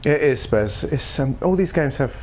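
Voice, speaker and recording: A man's voice: medium pitch, a little mellow, slight background noise. A man giving casual, jokey game commentary with rambling, playful asides. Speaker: gaming streamer.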